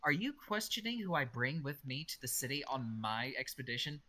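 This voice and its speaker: A brisk, proud woman adventurer, as a man puts her on, clipped and a little indignant. The voice is bright and forceful. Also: medium pitch, sing-song. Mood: assertive.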